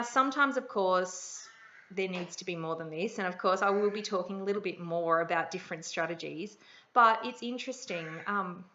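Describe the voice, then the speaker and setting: A woman's voice: mid-range voice, sharp tone, muffled recording, a little hiss or hum. A middle-aged woman with an Australian accent, a parenting educator speaking in a friendly, conversational way about her workshop. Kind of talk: promotional talk to camera.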